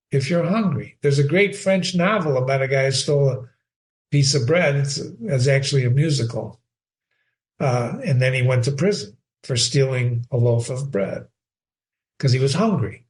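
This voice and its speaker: Rambling older man lecturing on literature. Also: on the high side. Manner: rambling, addresses himself by name. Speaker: host.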